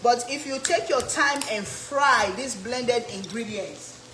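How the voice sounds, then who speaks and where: A woman's voice: a little high, slow pace, fairly bright tone, a little hiss or hum. A middle-aged woman from Africa, hosting a cooking channel and chatting with viewers by name as she cooks. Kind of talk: casual live cooking chat. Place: home kitchen. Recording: echoey kitchen with sizzling oil.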